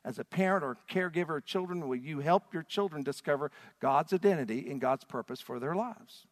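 Male pastor, fairly high voice, dynamic sermon delivery, long hall reverb. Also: brisk. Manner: dynamic preaching, swings from hushed to shouting call-and-response.

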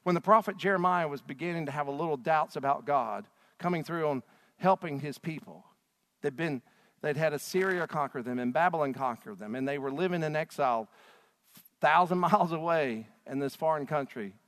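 A male pastor preaching with dramatic storytelling, his voice swinging from near shouts down to hushed lines. His voice sits a little high for a man. The sound carries a long reverb from a large hall. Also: a little fast. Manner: dramatic storytelling, acts out quotes with big swings in loudness. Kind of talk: sermon.

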